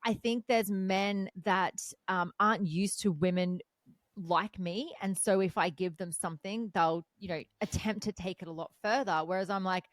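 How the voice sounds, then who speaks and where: A woman's voice: medium pitch, moderate pace, no echo. Frank woman hosting a podcast. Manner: frank, animated storytelling. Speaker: podcast host. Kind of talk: casual interview chat.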